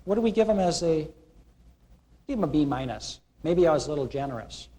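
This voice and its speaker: A college instructor gives a classroom lecture with humorous analogies, telling playful stories in an animated way and acting out the characters he quotes. His voice is fairly high, and he talks a little fast. The audio comes from a 1980s classroom video recording.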